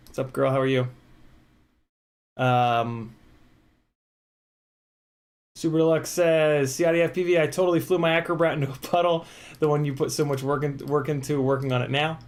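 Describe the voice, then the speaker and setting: A man's voice: on the high side, steady tone, moderate pace, long pauses. A man hosting a casual live stream, reading viewer comments and answering them in an earnest, encouraging way with many fillers.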